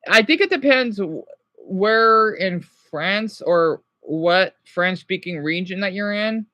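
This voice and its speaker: A man's voice: high voice, slow pace, pushed and bright, no room sound, dull audio. A man casually teaching French words on a livestream, rambling and correcting himself while answering chat.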